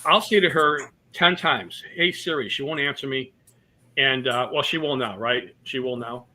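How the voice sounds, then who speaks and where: A comedian telling personal stories in a casual interview, mixing jokes and fillers. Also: male voice, medium pitch, normal speed, bright, forceful tone. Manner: storytelling with jokes and many fillers. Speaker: comedian guest.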